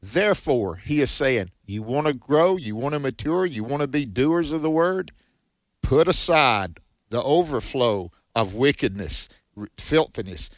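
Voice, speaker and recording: A man's voice: medium pitch, lively intonation, a little slow, dry recording. A man co-hosting a conversational Bible teaching, emphatic and preacherly, often saying amen. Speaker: co-host.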